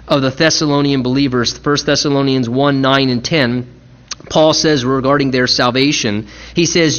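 A man preaching a sermon, earnest and emphatic, repeating key phrases and slowing down to stress words. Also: fairly high pitch, a bit bright. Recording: muffled lo-fi recording.

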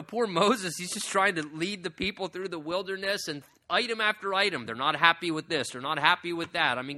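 A man preaching an expository sermon in a conversational way, often asking the audience questions and rising sharply for emphasis. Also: fairly high pitch. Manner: animated, rises sharply for emphasis. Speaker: pastor.

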